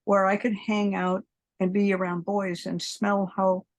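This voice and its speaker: Unhurried and flat in delivery, this woman's mid-range voice carries long, digressive stories in a podcast interview. She's in her seventies, acts out the characters she mentions, and laughs often.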